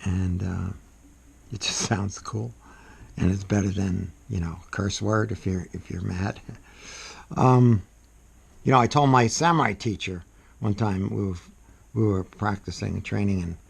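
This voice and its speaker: A man with a low, deeply gravelly voice and a very husky, breathy edge walks through his lettering in a loose, rambling way. He talks softly as he works, his words often sinking into murmurs. His tone is unhurried and conversational. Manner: soft-spoken, rambling, trails off into murmurs. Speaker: calligraphy instructor. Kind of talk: casual demonstration while writing.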